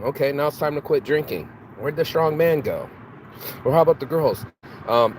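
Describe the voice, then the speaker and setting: A man's voice: medium pitch, sing-song, a little fast, darkish tone, poor audio. A man giving an unscripted motivational talk, asking rhetorical questions and often restarting his words. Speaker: motivational vlogger. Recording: outdoor traffic noise.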